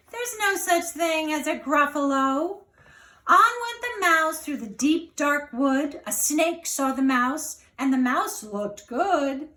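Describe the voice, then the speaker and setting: A woman reading a children's storybook aloud and thanking families at the end, with a slow, expressive storytelling manner. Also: sits high, echoey room. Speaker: company representative reading a children's book.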